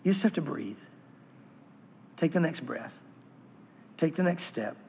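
A man preaching a sermon as pastor, earnest and swinging from animated to hushed. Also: a little high, measured pace, gravelly, long reverb tail, a little hiss or hum.

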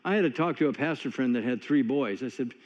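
A man's voice: medium pitch, lively intonation, quick pace. A man preaching a sermon in a folksy, conversational way, telling stories with many asides. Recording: long hall reverb, dull lo-fi sound.

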